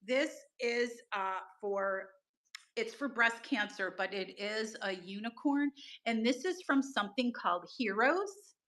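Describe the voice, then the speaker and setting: A woman's voice: on the high side, lively intonation, a little slow, fairly bright tone. A middle-aged woman, hosting a live-stream auction, gushing over items and greeting viewers by name. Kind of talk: chatty live auction selling.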